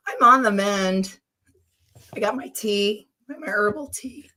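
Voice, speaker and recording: A woman joining a livestream as a guest, her voice squeaky and hoarse after the flu, chatting cheerfully and mocking herself. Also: slow pace, pushed and bright. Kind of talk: casual chat.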